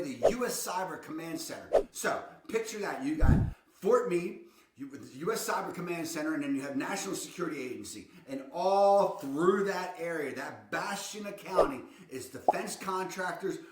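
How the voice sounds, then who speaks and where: A man with a Baltimore accent hosting a relocation vlog, hyping places in an excited, salesy way and repeatedly asking rhetorical questions. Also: sits high, moderate pace. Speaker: relocation guide host. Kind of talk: promotional vlog monologue. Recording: echoey room with loud background noise.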